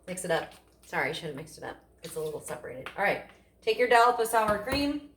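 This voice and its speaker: A woman's voice: mid-range voice, very animated, quick pace. Chatty woman in an echoey kitchen. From Italian family background. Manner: chatty, enthusiastic, asks and answers her own questions. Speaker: cooking show host. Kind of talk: casual cooking demonstration. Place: home kitchen. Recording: echoey kitchen with faint noise.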